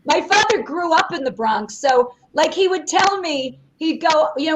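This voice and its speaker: A woman with a New York accent holds forth as guest host of a comedy podcast. Her voice sits high, and her talk comes as loose, chatty storytelling. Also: lively intonation, moderate pace, hardly any pauses, a little hiss or hum, rough recording. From New York State. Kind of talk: casual comedy podcast chat.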